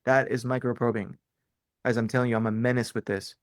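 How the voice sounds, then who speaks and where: A man's voice: medium pitch, level tone, brisk, dry recording, studio quality. A man coaching salespeople on a live training call, talking casually with lots of "right?" and "man". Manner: casual, bro-ish, fillers like "right?" and "man".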